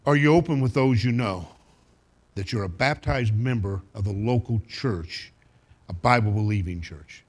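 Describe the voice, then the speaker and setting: A man preaching a sermon to a congregation, animated and emphatic, sometimes acting out the voices of others. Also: on the low side, normal speed. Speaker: pastor.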